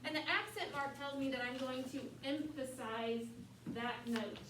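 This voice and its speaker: A woman teaching a choir class, explaining markings and chanting the lyrics slowly for students to repeat. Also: sits high, steady tone. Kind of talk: classroom music lesson. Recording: echoey classroom from far off, noisy.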